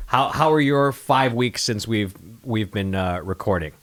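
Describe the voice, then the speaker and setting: A man hosting a podcast, chatting casually and telling lively stories with casual swearing. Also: on the low side, a little slow. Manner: animated storyteller, swears casually. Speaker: podcast host. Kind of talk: casual chat.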